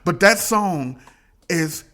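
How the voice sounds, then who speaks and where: A man's voice: sits high, expressive, slow pace, bright, forceful tone. A man talking as a podcast guest in casual chat, ranting animatedly with lots of swearing and mimicking other people mid-story.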